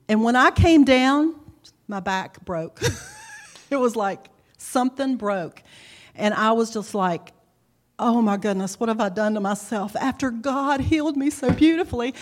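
A middle-aged woman telling her church testimony in a chatty, self-mocking way, laughing often. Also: medium pitch. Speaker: speaker giving a testimony.

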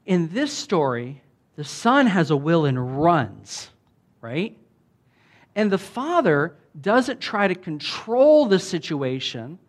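A man preaching a sermon, telling a parable in a casual way and raising his voice when he reads the quoted lines. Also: slow pace. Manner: animated, voice rises high when reading quoted lines; casual, many fillers, laughs often. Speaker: pastor.

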